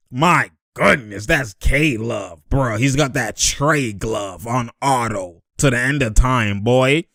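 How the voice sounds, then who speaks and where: A young man giving excited, animated commentary over basketball highlights, laughing often and shouting at the plays. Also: slow pace, creaky, no echo, studio quality.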